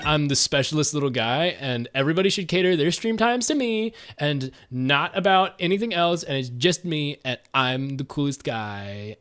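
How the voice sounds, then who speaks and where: A man streaming a game live, chatting casually with his viewers, excitable and swearing freely. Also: high-pitched. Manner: excitable, swears, talks to chat.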